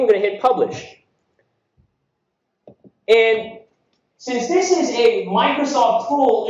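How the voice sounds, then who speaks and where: A man from the Philippines giving a jokey, energetic conference keynote, calling the crowd friends. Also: very high voice. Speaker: keynote speaker. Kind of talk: humorous conference keynote with live demo. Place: large conference hall. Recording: echoey hall from far off, dull.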